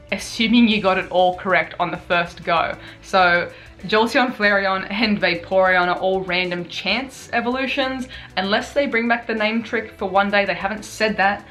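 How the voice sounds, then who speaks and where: A young woman chatting excitedly through gaming news on her vlog, tired after many hours awake. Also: medium pitch. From Australia. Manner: bubbly, excitable, chatty with fillers. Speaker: gaming YouTuber.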